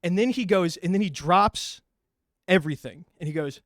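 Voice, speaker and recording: A man telling a story in casual chat, acting out each line of dialogue and cursing as he goes. His voice sits a bit high, and the sound is dead dry, right up on the mic. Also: moderate pace, dry recording. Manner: animated storyteller, acts out quoted dialogue, swears freely. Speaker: podcast host telling a story.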